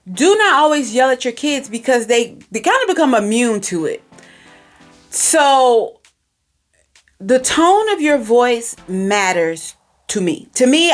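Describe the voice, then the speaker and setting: A woman hosting a podcast, giving casual, direct parenting advice and repeating herself for emphasis. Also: fairly high pitch. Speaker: podcast host. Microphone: recorded for podcast and video, facing camera.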